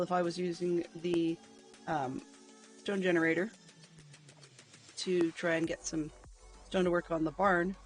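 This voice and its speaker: A man's voice: on the high side, vocal fry. A man streaming a video game live, chatting casually and thinking aloud with lots of ums and dry, self-mocking humor. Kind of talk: casual gameplay commentary.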